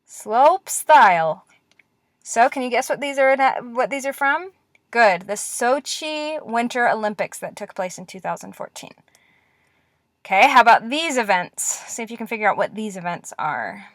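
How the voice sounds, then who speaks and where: A woman teaching Russian letters in a classroom-style lesson, patient and encouraging, repeating words slowly. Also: fairly high pitch, animated, fairly bright tone, no echo, studio quality.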